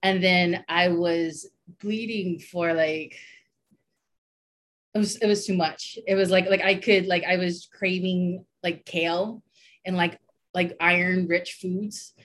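A woman's voice: lowish voice, fairly even intonation, slow pace. A woman chatting casually on a podcast, telling a personal story with lots of fillers and frequent laughter.

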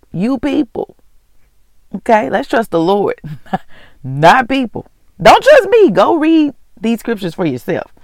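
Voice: mid-range voice, no echo. A host of a faith vlog and podcast, talking casually and earnestly to listeners, chatty and often laughing. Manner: earnest and heartfelt, often moved to tears. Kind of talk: casual devotional talk.

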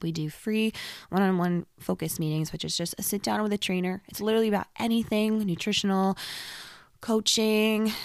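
Young fitness coach lady chatting on her podcast, kinda low voice, dry close mic, gets whispery for emphasis. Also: gravelly, no echo. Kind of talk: casual podcast monologue.

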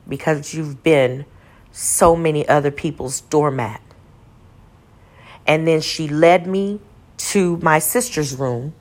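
A woman from Texas telling a personal faith testimony in an earnest storytelling way, retracing details aloud as she goes. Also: low-pitched. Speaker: speaker sharing a testimony.

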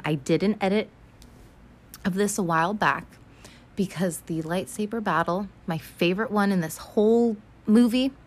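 Young woman with a low-ish voice, casual and sweary, for a fan recap vlog. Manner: chatty, profane, animated retelling. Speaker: vlogger recapping an animated film.

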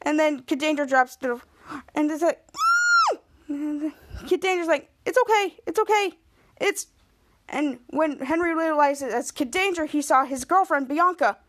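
A woman's voice: sits high, moderate pace, a bit bright. A woman podcast host casually retelling a TV episode, rambling with many restarts.

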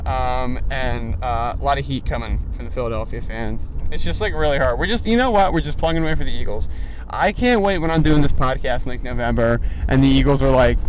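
Rambling young guy talking while driving. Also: mid-range voice. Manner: rambling, heavy filler "like", excitable. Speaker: podcast host. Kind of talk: casual podcast monologue. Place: in a car, driving. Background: faint vehicle noise.

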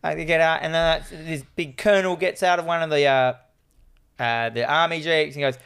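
A man's voice: a little high, creaky, smooth. Rambling man recapping a film. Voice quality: rambling, animated retelling with quick put-on voices. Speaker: podcast co-host. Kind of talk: casual film recap chat.

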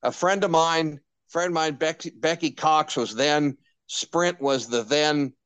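Older man telling animated stories, dry sound. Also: fairly high pitch, unhurried, clean tone, no room sound. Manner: animated anecdotes with many restarts and quoted dialogue. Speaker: radio personality guest. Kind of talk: candid storytelling interview.

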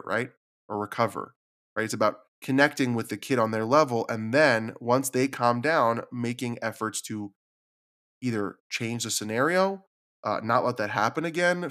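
A podcast host with a medium-pitched, fairly bright voice gives a reflective solo talk. He speaks earnestly and confidingly about his struggles, sometimes repeating words when he's moved.

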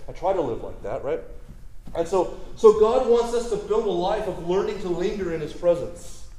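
A man's voice: high-pitched, lively intonation, normal speed, warm tone, echoey room, rough recording. A man preaching a sermon in a casual, conversational way, often checking in with the crowd by asking "right?". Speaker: pastor.

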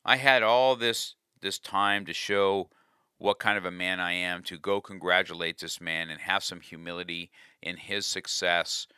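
A man's voice: low voice, fairly even intonation, unhurried, bright, forceful tone, clear, resonant tone, no room sound, studio quality. A man telling a personal story with a life lesson, earnest and confessional, often restarting his sentences.

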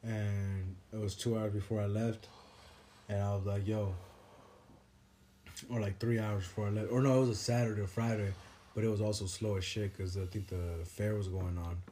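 Low, mellow-voiced young man rambling. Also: moderate pace, a little hiss or hum. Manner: animated, profane, rambling. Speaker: podcast host. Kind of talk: casual chat.

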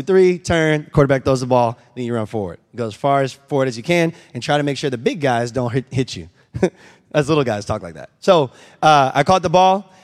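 A young adult man preaching a sermon, telling stories and acting out scenes with lively energy. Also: on the high side. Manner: storytelling, animated, acts out scenes. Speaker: pastor. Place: church sanctuary. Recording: long hall reverb.

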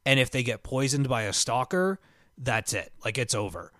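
A man chatting casually as a podcast co-host, telling stories excitedly with lots of "like" and restarts. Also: medium pitch, moderate pace, dry recording, clean studio sound. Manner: excitable, rambling storyteller full of "like". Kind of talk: casual chat.

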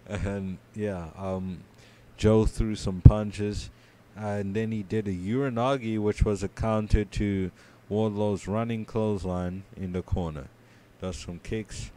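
A man co-hosting a podcast, giving a casual play-by-play recap of a wrestling match, sleepy and yawning, his voice trailing off quietly with many ums. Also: on the low side, fairly even intonation, takes it slowly. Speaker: podcast co-host.

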